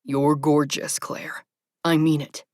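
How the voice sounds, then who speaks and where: A tired, reserved male soldier, as a woman narrator puts him on, talking slow and hushed in an audiobook. The voice sits low for a woman and comes across close and dry, with no room around it. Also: flat delivery, dry recording. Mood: gentle. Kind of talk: audiobook character voice.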